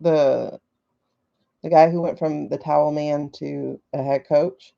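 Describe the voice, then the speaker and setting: Gravelly, skeptical woman livestreaming on her phone. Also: low voice, steady tone, takes it slowly, warm tone. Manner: chatty, skeptical, thinks aloud with many fillers. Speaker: livestream host. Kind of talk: casual livestream chat. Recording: dull lo-fi livestream audio.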